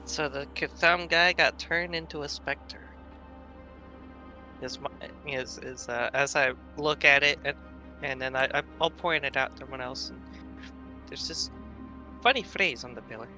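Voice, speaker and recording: A man playing a tabletop game, talking in a hesitant, halting way. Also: mid-range voice, bright, forceful tone, faint music behind. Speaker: player. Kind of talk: casual game chat.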